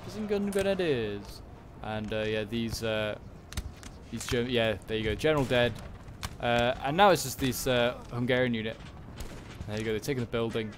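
A man talks through a replay of a strategy game battle in a loose, unscripted way. He hesitates often, corrects himself mid-sentence, and fills gaps with ums and likes. His voice sits at an ordinary middle pitch for a man. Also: slight background noise. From Britain. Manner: rambling, hesitant, many fillers and self-corrections. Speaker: gaming channel host. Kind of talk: casual gameplay commentary.

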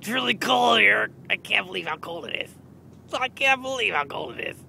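A woman voicing a goofy, excitable male pig who chats in a silly way outdoors. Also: mid-range voice, a little fast, creaky, a little hiss or hum, heavily acted. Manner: silly, chatty, bursts of shouting and giggles. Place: outdoors in the cold.

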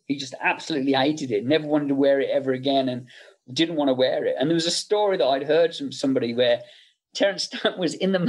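A man's voice: fairly high pitch, husky. A middle-aged man, a makeup effects artist, chatting casually in an interview and telling anecdotes with many fillers.

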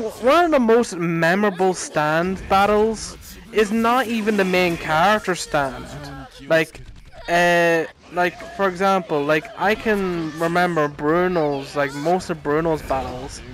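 A man's voice: sits high, fairly bright tone, low-quality recording. A young man in a casual, heated rant, swearing a lot and rambling with many restarts. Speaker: anime fan ranting.

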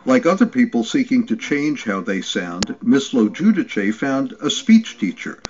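A man reading a scripted news narration in a measured, reportorial way. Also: medium pitch, sing-song. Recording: dull lo-fi clip.

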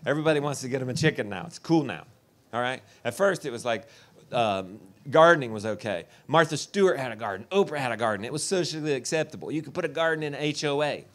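A man's voice: medium pitch, expressive, fast, a bit bright. Man, festival speaker, folksy and joking, works the crowd. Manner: joking, folksy storyteller who talks to the crowd. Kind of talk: live talk to an audience. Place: festival tent.

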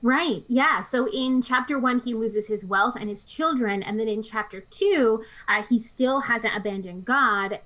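A woman with a fairly high voice co-hosts a Bible study discussion. She moves quickly through each chapter and sums up the story in plain everyday words. Her speech is clear and close to a studio microphone. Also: a bit bright, rough recording. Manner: retells scripture in her own words, with brisk summaries.

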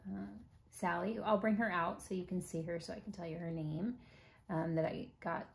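A woman chatting casually to camera about her collection, often dropping into soft whispers. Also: fairly low pitch, steady tone, moderate pace, gravelly. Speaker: doll collector vlogger.

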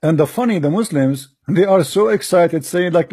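A man's voice: high voice, animated, normal speed, dark tone, slightly rough, no echo, studio quality. A man giving scornful, combative commentary over a debate clip, in broken English. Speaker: video commentator.

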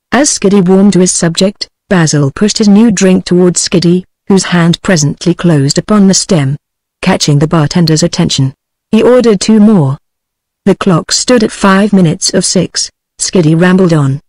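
A woman's voice: lowish voice, normal speed, dry recording, low-quality recording. Synthetic British woman reading a book. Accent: British English. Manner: even, steady synthetic reading. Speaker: audiobook narrator. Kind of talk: text-to-speech book reading.

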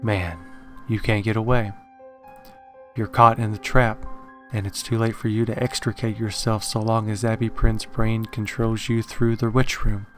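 Man doing a calm, ominous occult scholar. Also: on the low side, a little slow, faint music behind, natural voice. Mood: grave. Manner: calm, solemn warning.

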